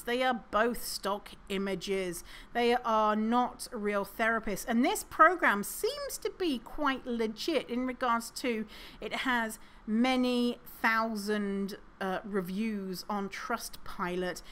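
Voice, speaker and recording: A woman hosts her own podcast, chatting casually in solo commentary as she reads reviews aloud with sarcasm, frequent swearing, and lots of laughter. Her voice is slightly high, slow, and fairly bright, and she's chatty, full of fillers.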